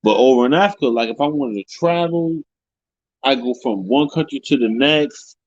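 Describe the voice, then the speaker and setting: A man in casual chat, halting, repeating words as he searches for them. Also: mid-range voice, no room sound, lo-fi sound. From United States.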